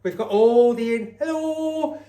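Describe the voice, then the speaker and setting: A man's voice: very high-pitched, unhurried, mellow, echoey room. A man co-hosting a casual home cooking vlog, chatty and jokey as he starts the cooking.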